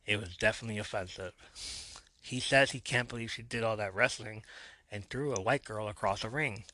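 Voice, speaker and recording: A low, bright-toned man recaps a show episode for his podcast in a lively storytelling manner. He slips into light versions of the quoted lines as he goes. The sound is close and dry. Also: brisk, dry recording. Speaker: podcast host.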